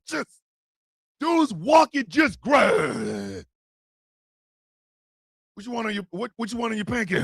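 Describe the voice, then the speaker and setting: A man hosting a live stream show, telling animated, profane jokes in a casual rant. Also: very high-pitched, moderate pace, vocal fry, long pauses, slightly rough, no room sound, clean studio sound. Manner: animated, joking, profane storytelling. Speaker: host.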